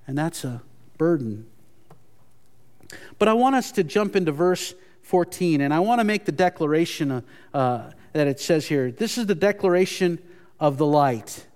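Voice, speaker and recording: A pastor delivering an earnest sermon in a fairly high voice, repeating key phrases for emphasis. His words trail off into a long reverb, as in a church sanctuary. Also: expressive, moderate pace, a little mellow, clear, resonant tone. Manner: earnest, repetitive restarts, emphatic.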